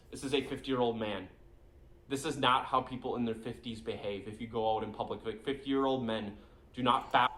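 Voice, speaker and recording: Scornful young man ranting, bright and echoey. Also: medium pitch. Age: 20s. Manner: scornful, insulting, excitable. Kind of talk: ranting video commentary.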